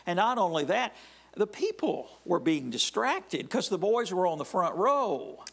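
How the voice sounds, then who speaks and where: A male pastor preaching a sermon in a church, deliberate and measured, often dropping his voice to a near whisper at the end of phrases. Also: high-pitched, very animated, gravelly, a bit bright, husky. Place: church sanctuary.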